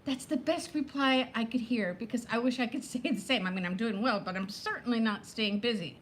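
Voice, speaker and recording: A woman in her fifties hosting a casual live chat, talking fast between topics and greeting viewers by name. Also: on the high side, a little hiss or hum. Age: 50s. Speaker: livestream host.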